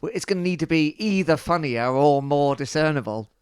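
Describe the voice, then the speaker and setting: A man's voice: on the high side, expressive, brisk, clear, resonant tone, no room sound, studio quality. A man co-hosting a podcast in casual, jokey, playful banter. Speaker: podcast co-host. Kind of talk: casual chat.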